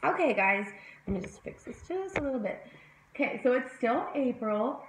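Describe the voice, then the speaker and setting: A woman teaching young children at circle time, speaking slowly and encouragingly as she goes over words one by one. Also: fairly high pitch, very animated, a little hiss or hum. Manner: slow, sing-song and encouraging, addressing young children. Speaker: preschool teacher. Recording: roomy echoey home room.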